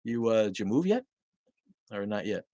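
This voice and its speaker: A man hosting a casual livestream from home, greeting viewers loudly, coughing often and swearing casually. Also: lowish voice, sing-song, normal speed, no echo. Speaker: livestream host. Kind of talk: casual livestream chat reading viewer comments. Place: at home with a dog nearby.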